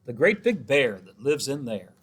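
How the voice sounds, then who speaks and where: A man voicing a frightened little boy in a picture book, with a high, squeaky, panicky voice. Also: sing-song, normal speed, a bit bright, slightly rough. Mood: scared.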